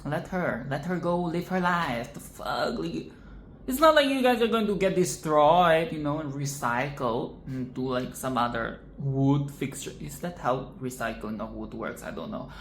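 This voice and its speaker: Low-voiced woman ranting crudely. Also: animated, a little slow, roomy sound, slight background noise. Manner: crude, rambling and profane, bursts of mock outrage. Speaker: vlogger reacting to a film. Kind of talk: casual reaction commentary.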